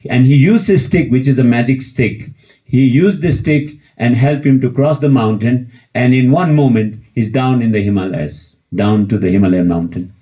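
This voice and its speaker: A man's voice: medium pitch, moderate pace, mellow. A man giving a Dharma talk as a teacher, telling a story in a conversational way that repeats phrases and checks in with listeners. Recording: dull lo-fi recording.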